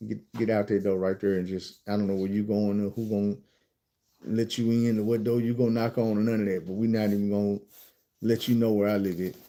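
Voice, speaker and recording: A man with a Southern American accent telling a casual, profane storytime monologue in an animated, conversational way. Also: fairly low pitch, a little fast. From Arkansas, USA.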